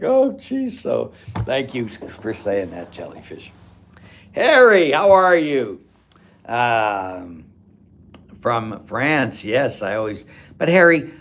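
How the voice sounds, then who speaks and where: A man's voice: mid-range voice, fairly bright tone, a little hiss or hum. A man who is a Catholic priest, answering viewers' chat questions on a casual livestream in a chatty, rambling, blunt and joking way. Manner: chatty, rambling, with frequent fillers.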